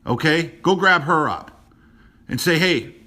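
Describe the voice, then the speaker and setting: A man hosting a motivational rant to camera, blunt and preachy, repeating himself, dropping low and quiet on personal points. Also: lively intonation, normal speed. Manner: blunt and preachy, repeats phrases, many restarts. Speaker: host.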